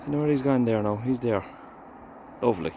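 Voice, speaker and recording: A man's voice: medium pitch, fairly quick, lo-fi sound, noisy background. A man, a gardener hosting his own channel, talking casually and sincerely to viewers outdoors in a garden, addressing them as guys. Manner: sincere and reflective, then upbeat. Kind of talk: casual vlog talk to viewers.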